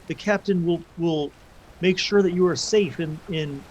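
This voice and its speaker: A man's voice: a little high, measured pace, a little mellow, highs cut off, a little hiss or hum, voice pushed up, close to an everyday voice. A man doing an urgent ship's crewman. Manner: urgent, warning. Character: ship's crewman escorting passengers, urging calm readiness.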